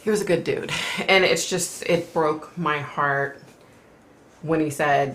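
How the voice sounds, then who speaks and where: A woman's voice: deep voice, fairly even intonation, unhurried, fairly bright tone, a little hiss or hum. A middle-aged woman hosting a casual live stream, talking in an emotional, rambling way with sighs and fillers. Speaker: host reading viewer comments.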